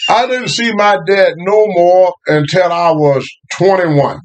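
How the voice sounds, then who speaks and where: An older man, telling family stories in a casual, animated way, often laughing. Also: sits high, measured pace. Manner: animated, laughing, Southern US phrasing. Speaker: guest storyteller. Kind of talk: casual storytelling.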